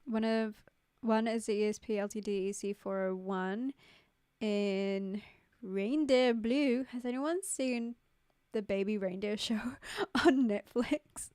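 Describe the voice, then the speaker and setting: A woman's voice: mid-range voice, slow pace, a little mellow, clean tone, dry recording, studio quality. Chatty New woman streaming. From New Zealand. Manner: chatty, rambling, peppered with "like" and casual swearing. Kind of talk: casual livestream chat with viewers. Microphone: studio mic.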